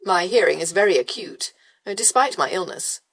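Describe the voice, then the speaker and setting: A woman's voice: on the low side, animated, normal speed, fairly bright tone. A woman doing a lazy, mocking aristocratic rake. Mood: teasing drawl. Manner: drawling, mocking, smoothly provocative. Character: arrogant, lazily teasing male aristocrat rake. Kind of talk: audiobook character voice.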